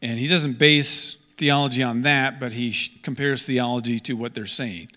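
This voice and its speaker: Man, pastor, sermon, earnest, emphatic, repeats himself, forceful tone, long echo of a large church. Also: medium pitch, fairly even intonation, normal speed. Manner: earnest, emphatic, repeats key lines, stumbles and restarts.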